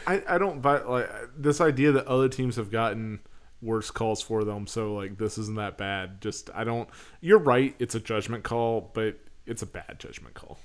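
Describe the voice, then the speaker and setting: A man co-hosting a casual football podcast, measured and explaining points at length. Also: fairly low pitch. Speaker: podcast co-host. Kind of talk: casual chat.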